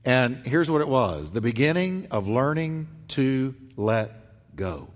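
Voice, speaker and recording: A man preaching a sermon, telling a story with animated voices and swinging between loud bursts and hushed, quiet lines. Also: medium pitch, slow. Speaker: pastor. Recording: long hall reverb.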